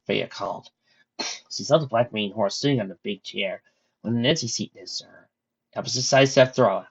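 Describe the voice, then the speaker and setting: A reader narrating a fan story, lively with occasional slips, in a muffled lo-fi recording. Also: mid-range voice, fairly quick, husky.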